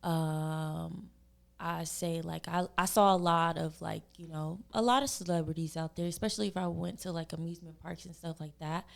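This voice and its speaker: Chatty young woman, slightly low voice. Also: normal speed, creaky. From California. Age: young adult. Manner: relaxed and chatty, acts out other people's remarks in quotes. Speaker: podcast guest, singer. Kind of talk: casual interview chat.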